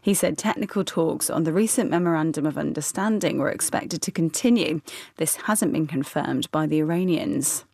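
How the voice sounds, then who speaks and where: A woman newsreader delivering a scripted news bulletin in a measured, formal way. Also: low voice, creaky, a little mellow, dry recording, studio quality.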